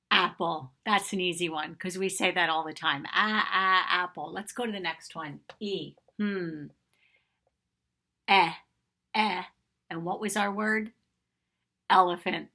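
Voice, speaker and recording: A kindergarten teacher with a lowish, pushed, bright voice runs a phonics lesson for young children. She patiently sounds out letters and vowel sounds, encouraging and praising the kids often.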